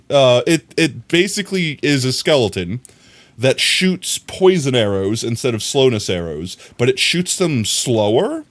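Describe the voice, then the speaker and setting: Lively rambling male streamer. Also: medium pitch. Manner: rambling, self-talking, laughs often; chatting to viewers. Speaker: livestreamer. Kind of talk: casual gameplay commentary.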